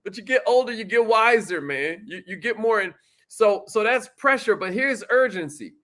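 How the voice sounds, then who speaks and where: A man teaching sales follow-up in a casual, energetic, slangy manner, talking straight to his viewers. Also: sits high, normal speed. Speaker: sales coach. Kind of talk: motivational teaching talk.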